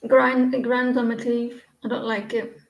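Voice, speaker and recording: A woman's voice: fairly high pitch, flat delivery, moderate pace, vocal fry, echoey room, rough recording. A woman in her forties giving a casual live-stream tarot reading, rambling and chatty, often restarting her sentences. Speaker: tarot reader.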